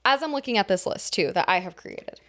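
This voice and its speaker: A woman's voice: medium pitch, expressive, fairly quick, a bit bright. A woman co-hosting a podcast, chatting casually with playful reactions and self-mocking asides. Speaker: podcast co-host. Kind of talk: casual chat.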